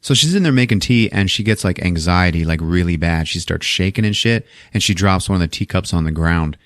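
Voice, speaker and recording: A man's voice: low-pitched, fairly quick, fairly bright tone, dry recording, studio quality. A man casually recapping a movie plot on a podcast, laughing often and acting out the characters' lines, with some swearing. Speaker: podcast host.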